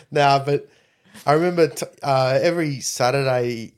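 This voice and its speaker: A man's voice: medium pitch, measured pace, clear, resonant tone. Male guest; casual, rambling storyteller who perks up when quoting.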